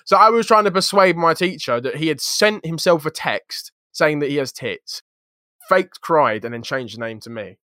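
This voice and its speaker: Young man, bright voice, dry close sound, casual podcast storytelling, jokey and slangy. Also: normal speed, no echo. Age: young adult. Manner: lively, jokey, slangy storytelling with swings in pitch. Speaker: podcast co-host.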